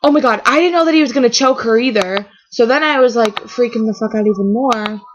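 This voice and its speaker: A woman with a fairly high voice gushes through an excited fan reaction, rambling and trailing off as her thoughts tumble out. The sound is dull and lo-fi, as if caught on a built-in webcam mic at home. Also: brisk, a little hiss or hum. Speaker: vlogger reacting to a TV episode. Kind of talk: emotional fan reaction vlog.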